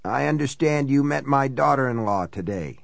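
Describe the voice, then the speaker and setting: An elderly rich man with a raspy voice, put on by a male narrator, speaking in short, clipped questions. He sounds curt and faintly annoyed. The audiobook sound is dry and close. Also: fairly high pitch, sing-song, unhurried, darkish tone, no echo, pitched above the performer's own voice, heavily acted. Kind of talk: audiobook character voice.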